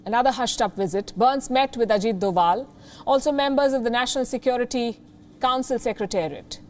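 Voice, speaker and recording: Woman news anchor, Indian English accent, higher voice, pointed rhetorical delivery. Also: fairly quick. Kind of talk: scripted news commentary.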